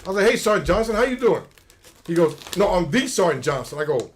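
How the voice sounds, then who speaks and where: Middle-aged male vet, higher-pitched, casual anecdote teller who acts out dialogue. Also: fast, a little hiss or hum. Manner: animated, acts out quoted dialogue. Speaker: retired special forces soldier, guest. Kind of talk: casual storytelling on a livestream.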